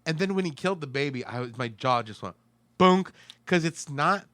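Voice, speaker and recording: A man's voice: on the high side, expressive, normal speed, fairly bright tone, no room sound. A man co-hosting a film podcast, talking casually and acting out his own reactions with exclamations. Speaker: podcast co-host.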